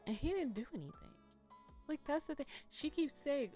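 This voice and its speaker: A woman's voice: high voice, brisk, soft background music. Blunt, profane woman ranting casually. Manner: blunt, profane, animated, laughs often. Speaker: vlogger reviewing a documentary.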